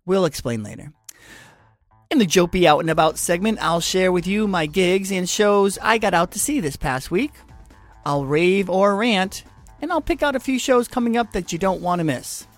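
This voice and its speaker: An upbeat man hosts a homemade podcast, talking in a chatty, casual way. He drops playful asides as he goes. Faint music plays quietly behind him. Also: sits high, expressive, normal speed, no room sound. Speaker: podcast host. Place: home room with cats.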